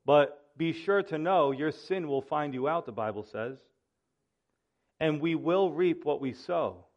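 High-voiced emphatic preacher, lo-fi sound. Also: male voice, unhurried. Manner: emphatic preaching with rising and falling intensity. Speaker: pastor. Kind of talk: sermon.

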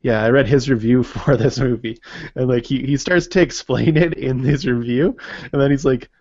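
A man's voice: mid-range voice, normal speed, darkish tone, dry recording. A young man, a podcast co-host, making wry, sarcastic remarks about a movie in casual chat, laughing along. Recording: dry, dull lo-fi audio.

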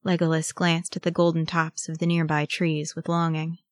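Brief: female audiobook narrator, low and steady, dry close mic. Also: moderate pace, no echo. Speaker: audiobook reader. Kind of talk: storybook narration.

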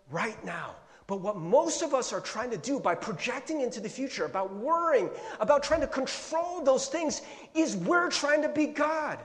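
A man with a high voice preaches to his congregation, casual and animated, sometimes acting out his own anxious inner voice. His words ring out with a long reverb, as if filling a large church hall. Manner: conversational, animated, acts out his own worried thoughts. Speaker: pastor. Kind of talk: sermon.

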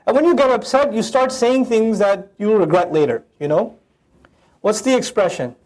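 A man teaching a Quran passage, reciting Arabic verses and translating them, animated as he acts out the voices in the text. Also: high-pitched, normal speed. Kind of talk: Quran lecture.

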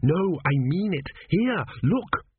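Impatient, stubborn young man, insistent and exasperated, as the reader voices him; husky, tinny audio. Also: a little high, big pitch swings, slow pace, pitched above the performer's own voice, exaggerated voice. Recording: dry, tinny phone-like sound.

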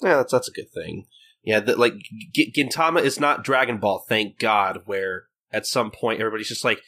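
A man's voice: on the low side, normal speed. A man hosting a podcast in casual chat, joking and acting out the scenes he retells. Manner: animated, jokey, acts out scenes. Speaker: podcast host.

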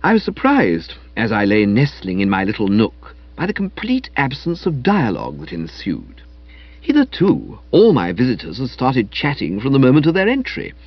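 A male audiobook narrator tells a comic tale in the first person, wry and theatrical, with a husky voice that swings widely in pitch. The recording is dry and slightly muffled. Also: no echo. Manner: wry, lively, theatrical storytelling.

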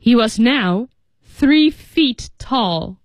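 A woman co-host reads lines from a story and explains the English phrases in a loose, chatty manner full of fillers. Her voice sits fairly high, recorded close and dry. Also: animated, very slow, no echo.

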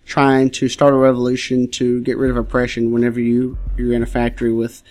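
Man, comedy podcast co-host, deadpan, crude absurd stories, mid-range voice. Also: mid-range voice, fairly quick.

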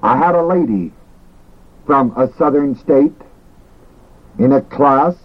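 A man teaching a class on ministry in a slow, deliberate way, repeating his key words. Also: medium pitch, animated, phone-quality sound. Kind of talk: recorded teaching lecture.

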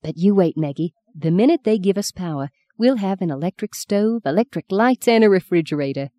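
A woman's voice: medium pitch, lively intonation, fairly quick, dark tone, no room sound, close to an everyday voice. A woman voicing a chatty, frank Australian farm wife with an Australian accent in a storybook reading. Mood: breezy.

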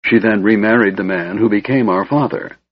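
A frail, sardonic young mage, put on by a man, speaks in a cold, hissing whisper with a husky edge. The voice sits low, and the dull, lo-fi recording is dry and close. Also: brisk, no echo, lightly acted. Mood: bitter, musing. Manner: cold, brooding, bitter.

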